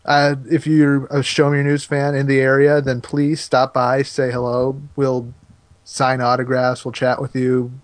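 A man co-hosting a casual gaming podcast with a wry sense of humor and a brisk way of announcing plans, speaking. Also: medium pitch, monotone, no room sound. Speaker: podcast co-host.

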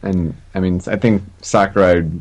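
A man's voice: low voice, steady tone, moderate pace, darkish tone. A man co-hosting a podcast, chatting in an easygoing way with dry asides. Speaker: podcast co-host. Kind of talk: casual gaming chat.

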